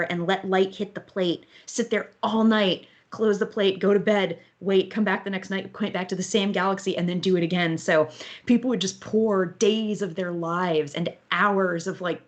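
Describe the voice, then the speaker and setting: A woman astronomer and author, a guest in an online interview, telling lively stories from observing. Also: mid-range voice. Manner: lively anecdotal storytelling.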